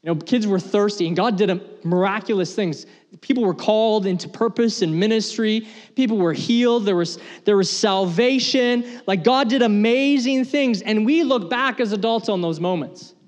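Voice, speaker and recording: High-voiced preaching man in a reverberant hall. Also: moderate pace. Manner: earnest, conversational preaching with repetitions. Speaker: pastor. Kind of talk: sermon.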